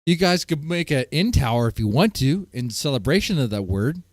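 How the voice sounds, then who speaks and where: Loud, lively, high-voiced male streamer. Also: brisk, dry recording, studio quality. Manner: loud, profane, laughing, heated rants. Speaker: livestream host. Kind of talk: casual livestream chat with viewers.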